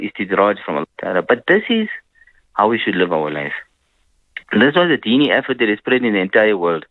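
A man giving a gentle religious talk on a radio program, telling stories and peppering his speech with "you know". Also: on the low side, dry recording. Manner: gentle preaching with frequent "you know" fillers. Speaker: Islamic scholar on a radio program. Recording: dry phone-line radio sound.

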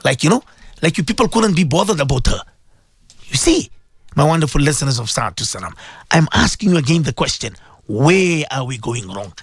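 A man's voice: fairly high pitch, big pitch swings, a little fast, breathy edge, no echo, clean studio sound. A man, an Islamic scholar hosting a radio show, talking with emotion and repeating rhetorical questions to his listeners. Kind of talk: impassioned radio talk.

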